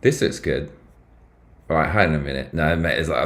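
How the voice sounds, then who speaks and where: A man's voice: extremely low pitch, brisk, creaky. A man with a British accent chatting casually on a live stream, swearing freely and reacting aloud as he reads. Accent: British English. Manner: swearing, excitable, reacting aloud while reading.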